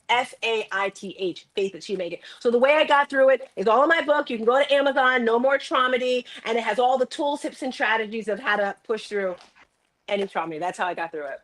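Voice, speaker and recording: A woman life coach and author telling a personal story in an interview, animated and acting out her own self-talk. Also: fairly high pitch.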